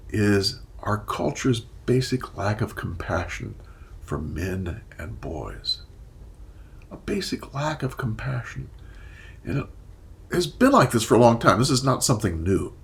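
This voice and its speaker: An older man with a gravelly, creaky voice talks alone in a casual monologue. His pitch swings widely as he poses rhetorical questions, and he slips into whispered asides. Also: big pitch swings, a little slow. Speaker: therapist and commentator.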